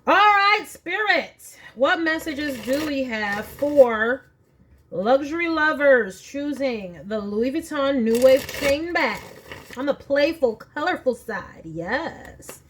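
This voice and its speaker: A woman's voice: high voice, animated, slow pace, fairly bright tone, slight background noise. A woman reading tarot cards at home in a casual, chatty way, thinking aloud as she draws each card. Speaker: tarot reader.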